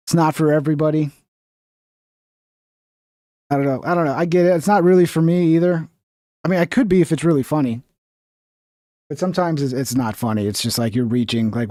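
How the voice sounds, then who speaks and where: A man's voice: fairly high pitch, fairly even intonation, a little fast, pauses often, warm tone, no echo, studio quality. A man giving casual reaction commentary on a video, blunt and profane, mocking the views he disagrees with. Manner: blunt and profane, mocks others in whiny voices.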